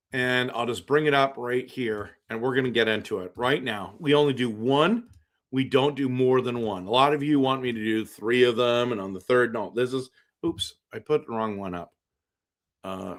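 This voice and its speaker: A man's voice: medium pitch, fairly bright tone. A man hosting a casual live stream, reacting to a hockey game and reading viewer comments, rambling and repeating himself. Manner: rambling, repeats himself, reads chat aloud. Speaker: livestream host.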